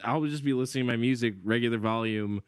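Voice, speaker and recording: A man's voice: mid-range voice, quick pace, clean tone, dry recording, clean studio sound. A man hosting a casual podcast, teasing his guests and chuckling.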